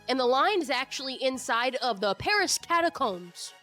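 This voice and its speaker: A woman recapping stories in a casual commentary, crude and joking with quick asides. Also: high-pitched, big pitch swings, pushed and bright, soft background music. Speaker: YouTube commentator.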